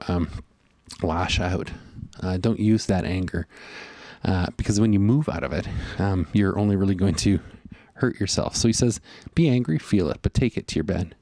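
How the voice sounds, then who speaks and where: A man's voice: low-pitched, a little mellow, no echo. A man preaching a sermon in an earnest, conversational way, often voicing inner thoughts. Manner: earnest, conversational, with fillers and voiced inner monologue. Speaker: pastor.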